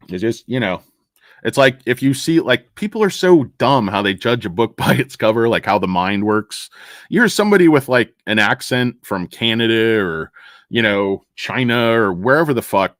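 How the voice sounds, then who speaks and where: A man's voice: mid-range voice, animated, normal speed, fairly bright tone, no room sound, clean studio sound. A man hosting a casual stock market livestream, rambling and joking with crude, profane asides.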